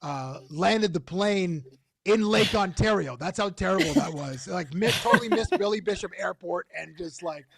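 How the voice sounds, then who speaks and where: A man's voice: sits high, big pitch swings, moderate pace, creaky, husky, no room sound, studio quality. A man co-hosting a sports podcast, joking and mocking himself in casual chat. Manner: self-mocking, jokey. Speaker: podcast co-host.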